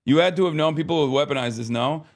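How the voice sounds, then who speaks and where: A man's voice: fairly high pitch, fast talker. A man in his thirties chatting casually on a live stream, rambling, often exasperated, swearing now and then.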